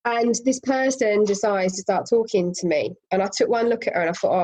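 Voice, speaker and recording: A woman, a property investor as podcast guest, telling a story in a casual, animated way and laughing often. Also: mid-range voice, brisk, poor audio.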